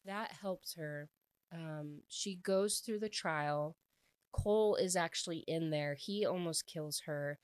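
Low-voiced woman rambling through a recap. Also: takes it slowly, clean tone, no echo. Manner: rambling, frequent "like" fillers. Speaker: book reviewer. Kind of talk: casual book recap.

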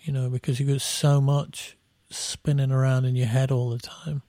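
A man's voice: medium pitch, flat delivery, normal speed, warm tone, no echo. A middle-aged man from England, a band musician telling rambling anecdotes in casual chat, with restarts and laughs at his own stories.

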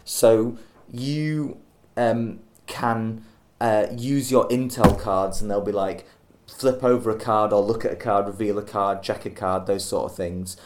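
A man co-hosting a relaxed podcast talks through a board game idea with a slightly low voice. He rambles and jokes, and he often stumbles over his words. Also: measured pace, slight background noise. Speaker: podcast co-host. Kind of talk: casual chat, pitching a game idea.

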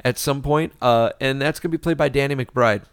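Man, podcast co-host, casual film talk, measured opinions, hesitant fillers, dry close sound, medium pitch. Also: clean tone, dry recording. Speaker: podcast co-host reviewing films. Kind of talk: casual chat.

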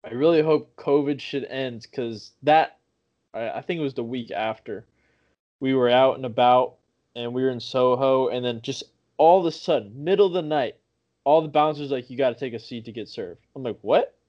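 A man's voice: mid-range voice, moderate pace. Young guy rambling thru a story, swears a lot, dull lo-fi sound. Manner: profane, rambling, self-correcting. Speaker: podcast guest. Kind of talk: casual storytelling.

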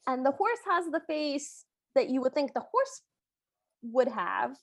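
A woman's voice: high-pitched, big pitch swings, measured pace. A woman co-hosting a podcast, chatting casually as she retells a film scene by scene and acts out the characters' lines. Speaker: podcast co-host. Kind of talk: casual chat recapping a film.

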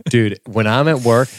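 This podcast co-host has a medium-pitched male voice, captured at studio quality with no room sound. He chats loosely about a TV episode, laughing often and cursing without restraint.

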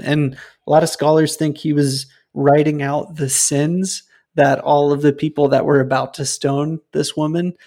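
A man's voice: fairly high pitch, creaky, a little mellow. A man co-hosting a casual faith discussion, retelling a Bible story in a loose, conversational way with many fillers.

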